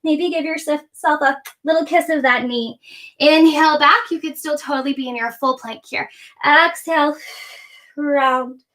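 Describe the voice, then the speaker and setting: A woman's voice: sits high, fairly bright tone. A young adult woman leading a live yoga class, cueing breaths and poses in a playful way, a little out of breath as she moves along. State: slightly out of breath while moving. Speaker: yoga teacher.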